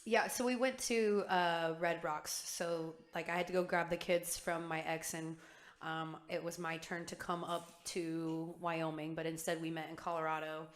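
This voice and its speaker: A woman's voice: low voice, little pitch movement, normal speed, echoey room. A woman in her thirties co-hosting a casual podcast chat, talking in a laid-back way about her kids. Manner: laid-back, chatty, laughs along. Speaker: podcast co-host.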